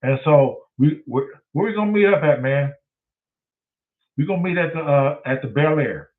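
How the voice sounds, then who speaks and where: Heard from afar through a thin, phone-like recording, this man from Detroit, USA, tells a funny story at normal speed in a fairly high voice. He curses constantly, stays animated, and performs the voices of the people in his tale.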